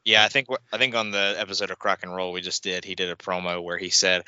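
A man co-hosting a casual podcast, speaking enthusiastically with frequent halting restarts. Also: deep voice, fairly even intonation, bright, forceful tone, smooth, no room sound. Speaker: podcast co-host. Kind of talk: casual wrestling podcast chat. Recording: dry, dull lo-fi podcast audio.

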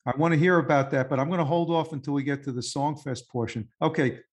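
Husky male interview host. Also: on the high side, fairly even intonation, fast talker. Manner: conversational, leading questions.

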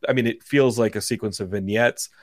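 A man's voice: on the low side, a little fast, dry recording, studio quality. A man co-hosting a casual film review chat, laid-back and talking in long run-on sentences. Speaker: podcast co-host.

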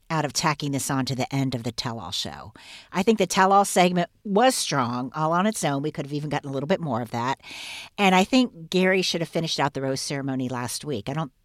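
A woman's voice: sits low, no room sound, studio quality. A woman co-hosting a podcast, giving her opinions in an emphatic, casual chat. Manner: opinionated, emphatic, quick asides. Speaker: podcast co-host.

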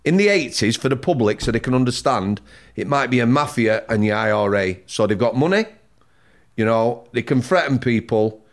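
A man, a former prison officer, talks plainly in casual conversation. His voice sits at an ordinary middle pitch. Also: expressive, moderate pace. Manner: plain-spoken, dialect grammar. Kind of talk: casual chat.

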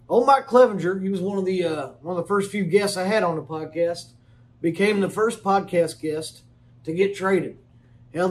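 A man with a slightly higher-than-usual voice hosts a sports podcast, talking in loose, folksy banter. He rambles through a comedic rundown of the news and swears casually as he goes. He keeps tossing in little asides to the listener. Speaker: podcast host.

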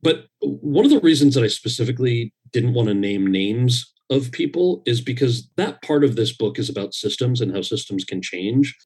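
A man, an actor, telling a personal story in casual, animated talk and quoting others in dialogue. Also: mid-range voice, moderate pace, few pauses, breathy edge.

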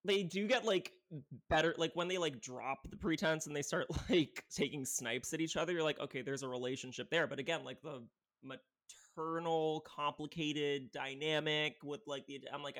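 A man guesting on a podcast, rambling through animated casual film talk full of "like". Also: on the high side, moderate pace, few pauses. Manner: rambling, filler-heavy, animated.

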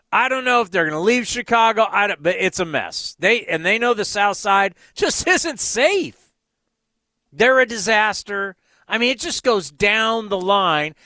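High, bright-voiced male sports radio host. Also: no echo, studio quality. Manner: rambling, exasperated rhetorical questions. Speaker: radio call-in show host. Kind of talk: sports talk radio monologue.

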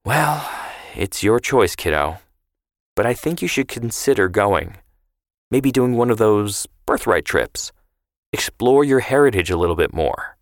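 A man reading the part of a sharp-tongued, affectionate grandfather in a story, in plain banter. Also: lowish voice, very animated, measured pace, no room sound, clean studio sound, pitched above the performer's own voice. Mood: teasing. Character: feisty, teasing grandfather, older man.

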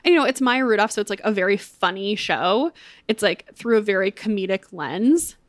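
A woman's voice: mid-range voice, animated, fairly quick, dry recording. A young woman co-hosting a podcast, chatting in an upbeat way with lots of casual fillers. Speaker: podcast co-host. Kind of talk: casual chat with ad read.

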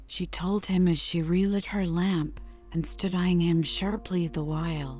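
Audiobook narrator, woman, soft and hushed, lower pitch, slightly lo-fi. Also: steady tone, a little slow, few pauses. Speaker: audiobook reader. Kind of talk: storybook narration.

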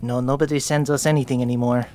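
A man voicing a hungry, tough teenage girl dwarf orphan who talks haltingly. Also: medium pitch, fairly even intonation, a little mellow, pitched below the performer's own voice, natural voice. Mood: weary. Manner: hesitant, halting with fillers.

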